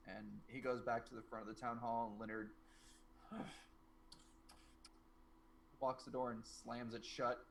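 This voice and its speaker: A man narrating as game master in an animated, expressive way. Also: medium pitch, unhurried, gravelly, pauses often, slight background noise.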